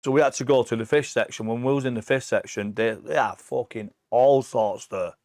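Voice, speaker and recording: A man in his forties with an English accent, telling stories in a sweary, animated casual chat as a podcast guest. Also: mid-range voice, a little fast, dry recording, studio quality. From England. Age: 40s.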